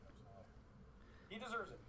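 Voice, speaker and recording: Male co-host, chatty sports talk, fairly high and very lively voice, audible noise behind. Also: fast. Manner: chatty, questioning, agreeable. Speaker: podcast co-host. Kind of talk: casual sports chat.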